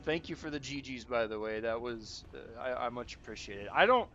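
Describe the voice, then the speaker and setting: A man's voice: medium pitch, animated, brisk, a bit bright, lo-fi sound, a little hiss or hum. Casual rambling male gameplay streamer. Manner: casual, rambling, many restarts and fillers; encouraging, talks straight to viewers. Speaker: gaming streamer. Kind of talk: live gameplay commentary.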